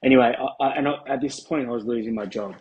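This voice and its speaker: A man, a podcast guest telling a candid personal story in a casual, halting way with restarts and swearing. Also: mid-range voice, darkish tone, breathy edge, dull audio. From Australia.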